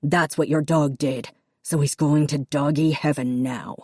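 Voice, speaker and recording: Woman reading a stern harsh father, curt snapping lines, low dark voice, dry audiobook sound. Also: fairly even intonation, unhurried, slightly rough, no room sound, exaggerated voice. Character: stern, harsh wealthy father, middle-aged man.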